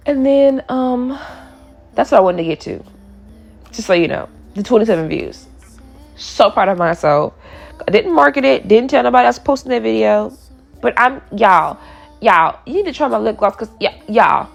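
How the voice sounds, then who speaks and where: Woman in her 20s, podcast host, gravelly fry, lively swooping pitch, faint music behind. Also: unhurried, long pauses. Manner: chatty and playful, riffing and laughing. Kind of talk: casual solo podcast chat.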